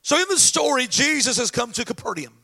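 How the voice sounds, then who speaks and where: Male pastor, bright gravelly voice, animated storyteller with folksy asides. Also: very high voice, a little fast. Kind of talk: sermon.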